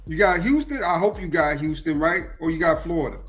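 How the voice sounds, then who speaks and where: Joking loud man in his forties. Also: fairly high pitch, expressive, brisk, soft background music. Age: 40s. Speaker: guest on a live stream. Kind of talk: casual chat.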